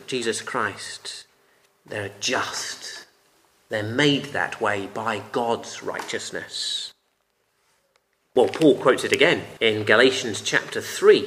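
A man giving a Bible teaching talk, earnest and emphatic, often dropping to a quiet voice on key phrases. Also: medium pitch, slight background noise. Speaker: preacher.

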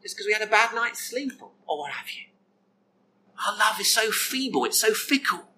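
A man preaching a sermon in a slow, reflective way, repeating phrases and asking rhetorical questions. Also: sits high, expressive, sharp tone, a little hiss or hum, poor audio.

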